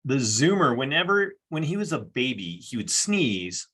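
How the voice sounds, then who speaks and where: A man's voice: medium pitch, very animated, normal speed, sharp tone, husky. A man co-hosting a casual talk show, easygoing and rambling. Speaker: co-host. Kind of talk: casual chat.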